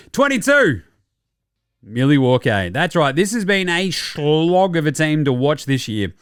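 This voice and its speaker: A man's voice: on the high side, dry recording, clean studio sound. Sweary guy ranking teams. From Australia. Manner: profane, animated, mock-quoting players and himself. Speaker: basketball podcast host. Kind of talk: casual sports commentary.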